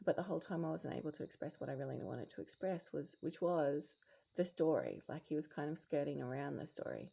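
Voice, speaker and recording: A woman with a low, heavily gravelly voice that is dark and husky in tone. She talks in a casual late-night monologue, rambling and reflective, often restarting her sentences. Now and then she slips into soft whispered asides. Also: animated, normal speed. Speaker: spiritual vlogger.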